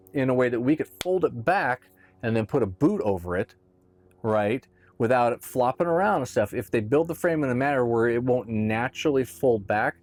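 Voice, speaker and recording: A man's voice: medium pitch, a little mellow, no room sound. A man casually explaining boat gear in a conversational how-to talk, often checking in with "right?". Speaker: boat owner explaining boat tops.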